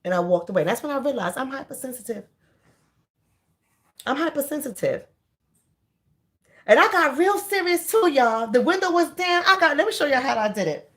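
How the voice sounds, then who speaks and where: A woman's voice: sits high, big pitch swings, normal speed, pauses often, fairly bright tone. A woman, telling a candid story in a casual monologue and repeating lines for emphasis. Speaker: vlogger.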